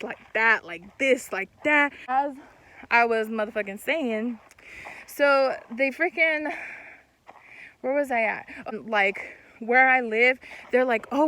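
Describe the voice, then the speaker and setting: A young woman in casual storytime talk, animated and swearing, acting out what people said. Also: on the high side. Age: young adult. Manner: animated, swearing, laughs mid-story, acts out quotes. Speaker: vlogger.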